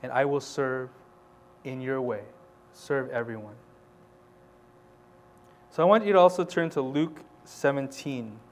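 A pastor preaching a sermon, reading scripture quietly and then building to loud, rising exhortation. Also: male voice, mid-range voice, a little slow, pauses often.

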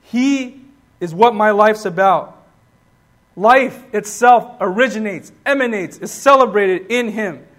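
A man's voice: sits high, a bit bright. A man preaching a sermon with passion, asking the congregation rhetorical questions. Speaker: pastor.

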